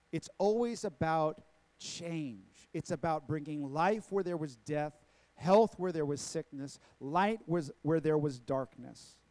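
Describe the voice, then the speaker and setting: Male pastor, sermon delivery, emphatic repetition, rhetorical questions; fairly high voice, dry close sound. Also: a little mellow, dry recording. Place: church sanctuary.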